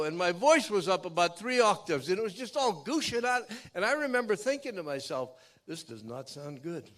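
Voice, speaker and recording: An older man giving a keynote speech, telling a dramatic personal story in a folksy way that swings from loud to hushed. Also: high voice, big pitch swings, brisk. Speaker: keynote speaker. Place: outdoor memorial event.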